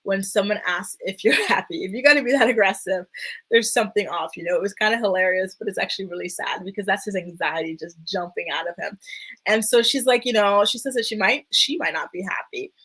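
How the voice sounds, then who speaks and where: A woman's voice: mid-range voice, brisk, a bit bright, slightly rough, poor audio. A woman hosting a casual reality-show recap, chatty and full of fillers. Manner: chatty, many fillers, dips into quoted voices. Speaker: recap vlogger.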